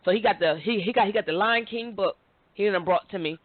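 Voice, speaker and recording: Animated woman host on a tinny line. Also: mid-range voice, fast talker, dry recording. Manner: animated storyteller, laughs often. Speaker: podcast host. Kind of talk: casual chat. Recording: tinny phone-like line, dry.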